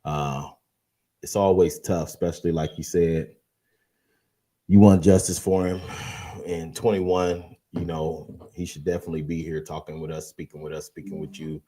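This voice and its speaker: A man with a very deep, dark, mellow voice hosts a live-stream interview. He speaks gently and slowly, pausing often on fillers as he reads along and responds. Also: little pitch movement. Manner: gentle and measured, with frequent fillers. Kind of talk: live-stream interview, reading viewer comments.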